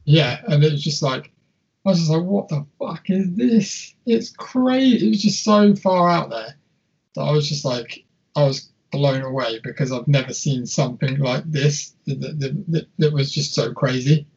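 A man's voice: medium pitch, normal speed, slightly rough, muffled recording. A young man co-hosting a casual film chat, rambling and swearing freely with many restarts. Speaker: podcast co-host.

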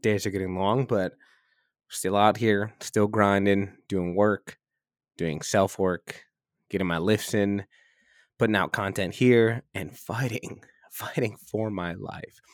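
Low-voiced man rambling on a podcast. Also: fairly even intonation, slow, no echo, clean studio sound. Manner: loose and chatty, many fillers and restarts, laughs at himself. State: slightly stuffy, clearing his throat. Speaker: podcast host. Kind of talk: casual rambling podcast monologue. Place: windowless hotel room.

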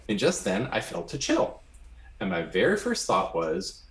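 A man telling a personal story during a conversation, animated and often checking in with "right?". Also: on the low side, unhurried. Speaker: guest. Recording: roomy echo.

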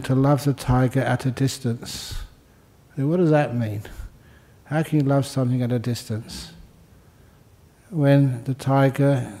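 Older male monk, dharma talk, mellow dark tone, relaxed and joking, repeats lines for emphasis. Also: medium pitch. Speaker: Buddhist monk teacher. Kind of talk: dharma talk answering questions.

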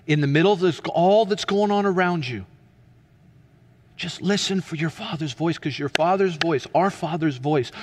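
A man preaching a sermon as pastor, earnest and emphatic, then dropping to a soft, hushed delivery. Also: fairly high pitch, big-room sound.

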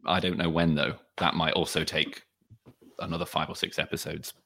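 English male podcast guest, very low voice, wry and understated. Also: level tone, moderate pace, gravelly, sharp tone. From England. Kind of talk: casual podcast chat. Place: at home.

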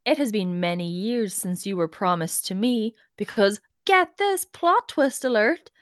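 Woman co-host, gossipy storyteller, expressive, dry close recording. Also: medium pitch, unhurried, no echo. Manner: chatty, gossipy retelling. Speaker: podcast co-host. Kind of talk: comic storytelling chat.

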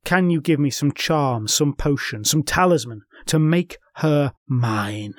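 A man playing an arrogant nobleman who speaks slowly and with self-importance. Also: a little high, lively intonation, no echo, studio quality. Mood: demanding. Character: arrogant young lord, proud and persistent.

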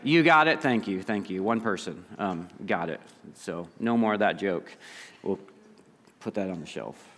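Hoarse pastor preaching in a reverberant hall. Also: male voice, low-pitched, expressive, a little slow, fairly bright tone. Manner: conversational, asks the audience questions. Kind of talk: sermon. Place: church gathering hall. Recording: long reverb of a large hall.

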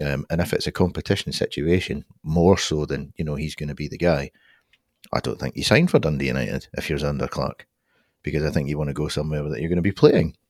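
A man's voice: extremely low pitch, quick pace, darkish tone, no room sound, clean studio sound. A man on a podcast panel, talking things through thoughtfully with frequent fillers. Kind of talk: casual podcast discussion.

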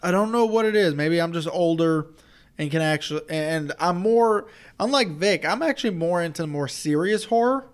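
A man's voice: fairly high pitch, expressive, normal speed, clean tone. A man in his twenties co-hosting a movie podcast, blunt, profane and jokey in casual chat. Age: 20s. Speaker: podcast co-host.

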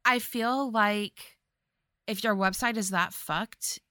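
A woman's voice: mid-range voice, slow pace, pushed and bright, no room sound, studio quality. A woman co-hosting a podcast, chatting casually and teasingly about a book, laughing often and swearing. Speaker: podcast co-host.

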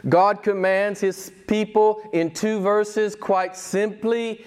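A male pastor preaching a sermon, emphatic, with rhetorical questions and dramatic pauses. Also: high-pitched.

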